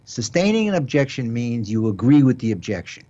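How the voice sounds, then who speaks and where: An older New York man, a retired judge, hosts a casual radio talk show, explaining legal matters in a medium-pitched, warm, very animated voice at a slightly fast clip. He often repeats words and restarts his sentences. The broadcast audio is dull and lo-fi.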